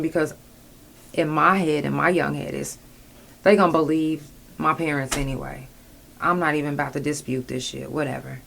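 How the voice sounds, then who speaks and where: A woman with a lower-pitched voice tells a hard personal story on her podcast. She talks bluntly and casually, with plenty of swearing and slang. Her voice falls soft and quiet when the memories hurt. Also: steady tone, measured pace, gravelly, long pauses. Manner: emotional, voice drops low and soft at painful parts. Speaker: podcast host.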